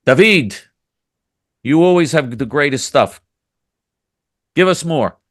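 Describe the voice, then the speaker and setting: A man's voice: on the high side, expressive, takes it slowly, no echo, studio quality. A man hosting a casual commentary chat, speaking indignantly and repeating himself. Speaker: host.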